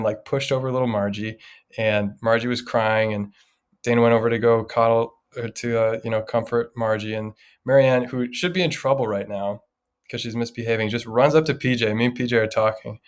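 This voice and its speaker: A man in his thirties telling a story in a casual podcast chat, animated and laughing as he goes. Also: mid-range voice, moderate pace. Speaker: podcast co-host.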